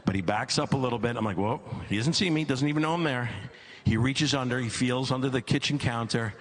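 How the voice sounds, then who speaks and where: A middle-aged man doing stand-up comedy on stage, telling a long story with repeated phrases and mounting exasperation. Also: a little fast. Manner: animated storyteller, repeats phrases for comic effect, climbs high when exasperated. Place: comedy stage before a live audience.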